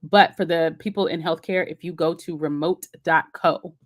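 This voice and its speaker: Woman, deep-ish voice, casual live Q&A, chatty, encouraging, off-the-cuff. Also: steady tone, normal speed. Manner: chatty, encouraging, answers comments on the fly. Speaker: host of a live Q&A.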